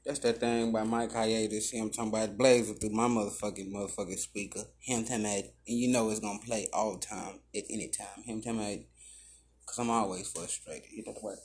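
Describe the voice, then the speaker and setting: A man's voice: lowish voice, fairly even intonation, fairly quick, a little mellow, slightly rough. A man hosting a podcast, talking in a loose, profane and rambling way. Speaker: podcast host. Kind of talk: casual podcast talk.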